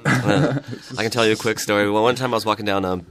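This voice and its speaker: A man guesting on a radio show, telling a rambling story full of fillers while nursing a cold that leaves his voice deeper and rough. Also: steady tone, fast talker, a bit bright, slight background noise. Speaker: folk musician guest. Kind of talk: casual radio interview chat. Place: radio studio.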